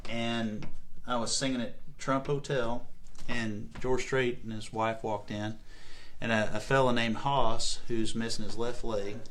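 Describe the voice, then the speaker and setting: Folksy country singer telling a story. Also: male voice, mid-range voice, reverberant, recorded from a distance, a little hiss or hum. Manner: folksy storyteller, quick asides. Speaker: guest singer. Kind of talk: casual talk-show chat.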